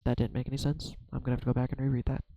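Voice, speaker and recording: Halting, mellow-voiced man reading tarot. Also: medium pitch, little pitch movement, vocal fry, rough recording. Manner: halting, self-searching, many restarts. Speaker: tarot reader. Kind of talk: reflective solo tarot vlog.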